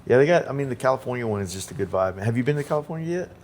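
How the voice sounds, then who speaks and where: A man's voice: medium pitch, rapid-fire, slight background noise. A man hosting a podcast, chatting casually and loosely with lots of "like" and "you know". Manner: relaxed, loose talk full of "like" and "you know". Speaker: podcast host. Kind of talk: casual interview chat.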